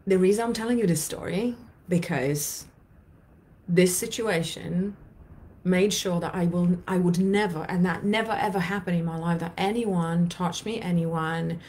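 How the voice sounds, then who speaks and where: Woman in her 30s coaching viewers through anxiety, blunt and earnest, cusses a lot, slightly low voice. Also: unhurried, a little mellow. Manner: earnest, blunt, swears freely. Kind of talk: emotional coaching talk to viewers.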